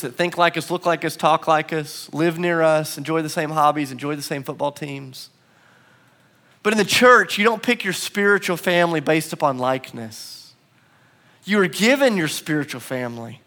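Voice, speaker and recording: A man's voice: on the high side, sharp tone. A young adult man preaching a sermon to a congregation in a church, telling personal stories in an earnest way and rising into emphatic swells. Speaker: pastor. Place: church sanctuary before a congregation.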